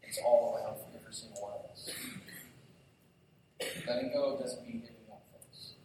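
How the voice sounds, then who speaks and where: A man preaching a sermon as pastor, telling stories with lively energy and asking the congregation questions directly. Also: medium pitch, moderate pace, slight background noise. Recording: very echoey hall, distant mic.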